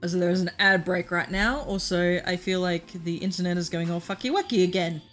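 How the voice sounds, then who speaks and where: Bright-voiced Australian woman streamer. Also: fairly low pitch, fairly even intonation, a little fast, soft background music. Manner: chatty, swears freely, laughs through her stories. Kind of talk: casual chat while gaming.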